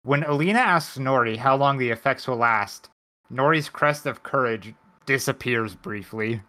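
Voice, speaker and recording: A man's voice: mid-range voice, moderate pace, bright, forceful tone. A man hosting a casual podcast, dryly walking through details from his notes. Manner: dry, nerdy, explains details from notes. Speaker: podcast host. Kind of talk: casual chat.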